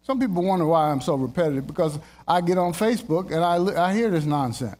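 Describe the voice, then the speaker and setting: A man with a high voice preaching an animated sermon. He is jokey, repeats his points for emphasis and slips into playful voices to act out everyday scenes. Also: brisk.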